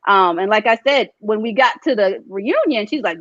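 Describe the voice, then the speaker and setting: A woman's voice: fairly high pitch, moderate pace, few pauses, dry recording, lo-fi sound. A woman guest from a dating reality show, chatting casually in an interview and acting out what others said. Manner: animated storyteller, acts out quotes of others.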